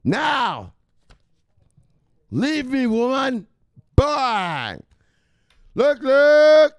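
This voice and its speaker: A man putting on a voice of an overexcited guy yelling crypto news at his woman, shouting and stretching out his words. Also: very high voice, huge pitch swings, no room sound, pitched above the performer's own voice, exaggerated voice. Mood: hyped. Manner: shouting, repeating "look, look", drawn-out words.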